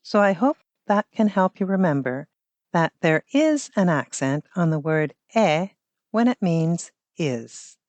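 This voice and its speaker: A woman hosting a language-learning podcast, reading a scripted lesson in a patient, clear way and asking the listener questions. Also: lowish voice, big pitch swings, measured pace, a little mellow, no echo, highs cut off. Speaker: language teacher and podcast host.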